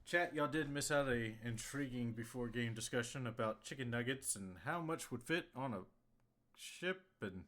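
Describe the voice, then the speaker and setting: A man's voice: mid-range voice, normal speed, fairly bright tone. A man hosting a stream and running a tabletop game as game master, talking in a laid-back way with chuckles and loose restarts.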